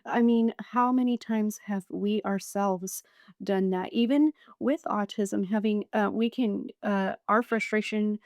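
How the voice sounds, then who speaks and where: A woman hosting a podcast interview, speaking thoughtfully and haltingly with many fillers. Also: mid-range voice, fairly even intonation, darkish tone, no echo, clean studio sound. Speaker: podcast host. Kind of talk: conversational interview.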